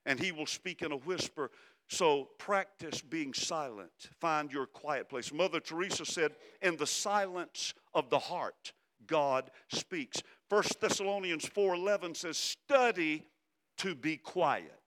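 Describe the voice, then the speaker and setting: A man preaching a sermon, swinging from loud emphasis down to hushed, soft phrases. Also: fairly high pitch, measured pace. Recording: long hall reverb.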